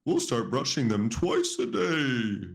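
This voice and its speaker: A man's voice: medium pitch, very animated, slow pace, vocal fry, pitched above the performer's own voice, full character voice. A man voicing a wise, kindly old owl in a storybook read-aloud, in a raised sing-song voice.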